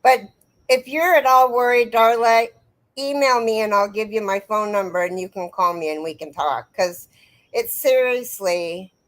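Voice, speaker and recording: A woman's voice: medium pitch, normal speed, poor audio. A middle-aged woman hosting a live crochet stream, chatting casually and answering viewers by name in a rambling, friendly way. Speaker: crochet livestream host. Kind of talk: casual live chat reading comments.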